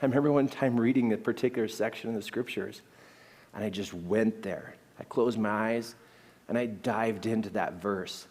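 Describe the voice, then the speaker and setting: A middle-aged man giving a talk full of personal stories, animated and often laughing between phrases. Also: fairly low pitch, moderate pace. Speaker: speaker.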